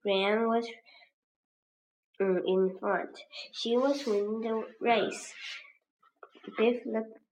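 A woman slowly reading a children's book aloud as a lesson, with pauses and small hums. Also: fairly high pitch, steady tone, darkish tone, a little hiss or hum, poor audio. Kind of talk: slow read-aloud lesson.

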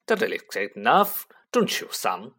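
Storybook bully uncle, blustering and loud, raised and lively pitch, read by a man. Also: a little slow, slightly rough, exaggerated voice. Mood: hearty. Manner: roaring, snarling, thundering.

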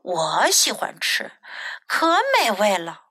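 A woman voicing a kind, gentle sheep in a bilingual children's storybook reading, speaking slowly and sweetly. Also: mid-range voice, big pitch swings, husky, dry recording, studio quality, pitched below the performer's own voice, heavily acted. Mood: friendly. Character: friendly gentle sheep, sharing and content.

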